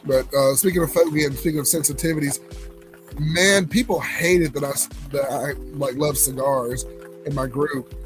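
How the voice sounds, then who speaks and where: A man's voice: on the high side, fairly even intonation, moderate pace, low-quality recording. Southern man chatting with music behind. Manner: rambling storytelling with many fillers and restarts. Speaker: cigar lounge livestream host. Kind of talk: casual livestream chat.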